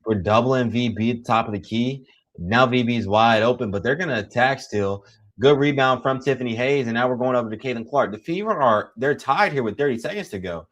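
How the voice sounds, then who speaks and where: A young man giving casual live play-by-play commentary, excitable and teasing, full of slang. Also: mid-range voice, brisk.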